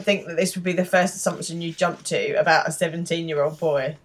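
A woman's voice: fairly low pitch, fairly even intonation, a little fast, few pauses. A woman co-hosting a casual podcast, recapping a TV episode and often trailing off mid-thought. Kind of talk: casual chat.

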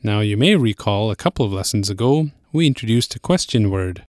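Male lesson host, low-ish voice, dry studio read, patient and clear. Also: dry recording. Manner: clear, steady explaining, slows on key phrases. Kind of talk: language lesson presenting.

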